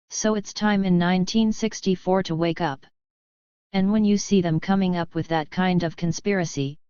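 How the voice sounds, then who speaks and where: Woman reader, low smooth voice, declamatory speech reading; dry, dull lo-fi recording. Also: a little mellow, no room sound. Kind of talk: reading a political speech aloud.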